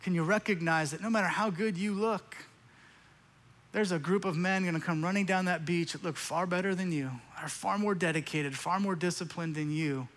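A man's voice: high voice, fairly even intonation, normal speed, fairly bright tone, big-room sound. A man preaching a sermon as pastor, earnest and pleading, often repeating phrases.

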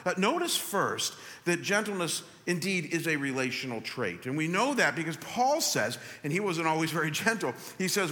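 A man preaching a sermon as pastor, talking straight to his congregation in an animated way. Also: sits high, moderate pace. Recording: long hall reverb.

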